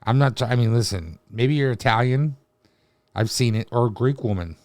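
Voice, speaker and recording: A man's voice: mid-range voice, normal speed, darkish tone, no echo. A man hosting a reaction video, ranting in a crude, mocking way with constant swearing. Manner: crude, mocking, rambling rants with heavy swearing. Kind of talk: profane reaction commentary.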